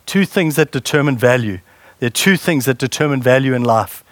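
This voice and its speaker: A man's voice: mid-range voice, lively intonation, a little fast, no echo. A man preaching a sermon in a conversational way and putting questions to the congregation. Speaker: pastor.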